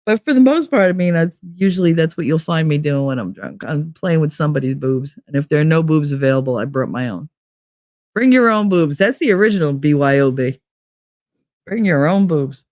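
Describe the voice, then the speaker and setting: A woman hosting a podcast, telling a bawdy story in a casual, animated, profane way and acting out what others said. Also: low voice, brisk, no room sound, clean studio sound. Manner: profane, animated, acts out quoted dialogue. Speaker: podcast host.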